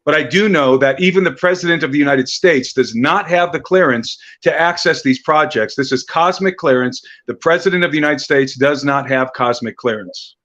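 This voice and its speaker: A man speaking as an interview guest, explaining at length in an earnest, steady way with some restarts. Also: a little high, moderate pace, hardly any pauses, dull audio. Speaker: guest researcher. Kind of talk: interview answers.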